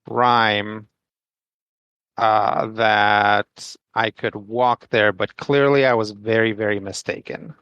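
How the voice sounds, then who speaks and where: A man taking part in a tabletop game, speaking with a fairly low voice. He talks hesitantly, stopping and restarting often, and his voice comes through dry and close. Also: a bit bright, smooth, no echo, highs cut off. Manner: hesitant, halting, with fillers. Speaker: player.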